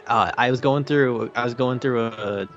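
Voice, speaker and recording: Halting, rambling man telling a story. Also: medium pitch, muffled recording, faint music behind. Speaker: co-host. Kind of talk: casual gaming chat.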